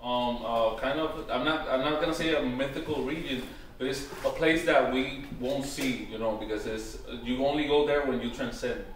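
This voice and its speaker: A man giving an informal workshop talk, hesitant and full of "um" and "you know", slowing down to spell out words. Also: medium pitch, fairly even intonation. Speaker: workshop presenter on Taíno tradition. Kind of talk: informal teaching talk to a live group. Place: workshop room. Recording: very echoey room, far from the mic, faint noise.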